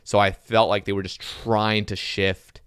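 A man hosting a casual gaming podcast, talking in a relaxed, rambling way. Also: on the low side, unhurried, clear, resonant tone, no room sound, studio quality. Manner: relaxed, rambling with many "like" fillers. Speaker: podcast host.

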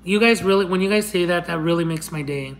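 A woman's voice: fairly low pitch, quick pace, a little hiss or hum, poor audio. A young woman hosting a casual livestream, reading out fan messages in an affectionate, rambling way, with Spanish as her first language. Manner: affectionate, calls viewers honey and my love; chatty, rambling with restarts and laughs. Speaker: livestream host.

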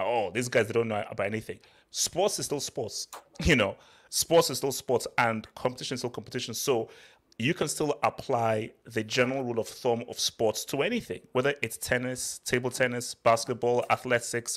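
A man with an accent hosting a football channel, ranting passionately in casual chat. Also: medium pitch. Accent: non-English accent. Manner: animated, passionate rant.

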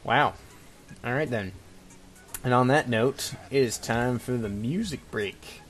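A man's voice: mid-range voice, takes it slowly. A young man hosting a podcast, talking in a laid-back way and saying "like" often. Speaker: host. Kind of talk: casual chat.

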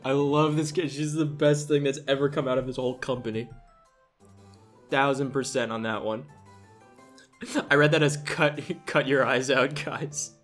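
A man's voice: medium pitch, steady tone, measured pace, long pauses, a bit bright, faint music behind. Exasperated, sarcastic gaming man. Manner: sarcastic, exasperated, swears and laughs a lot. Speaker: let's play host. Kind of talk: casual gameplay commentary.

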